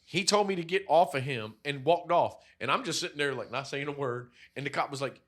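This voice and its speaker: Man, podcast co-host, casual profane storytelling, higher voice. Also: a little fast. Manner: animated, profane storytelling with acted-out quotes.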